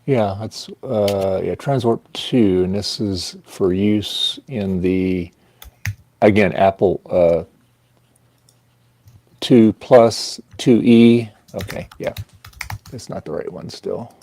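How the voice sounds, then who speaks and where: A man's voice: fairly low pitch, mellow, dry recording. A man hosting a live repair stream, talking casually and hesitantly while he searches for a manual. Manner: slow, hesitant, muttering to himself while searching.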